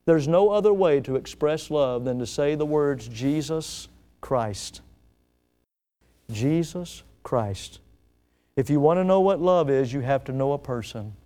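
Male pastor, sermon, resonant and a touch high-pitched, theatrical loud-to-soft swings. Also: clear, resonant tone. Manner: dramatic preaching that swells loud then drops to soft, slow emphasis.

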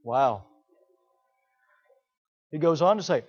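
A man preaching a sermon in an animated way, often mimicking the people he talks about. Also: high voice, normal speed, pauses often, lo-fi sound. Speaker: pastor.

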